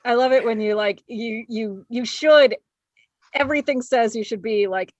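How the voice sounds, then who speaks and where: A woman hosting a podcast, reacting to stories with quick, amused comments. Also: fairly high pitch, no room sound. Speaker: podcast host. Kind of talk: casual podcast chat. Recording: dull, dry, lo-fi sound.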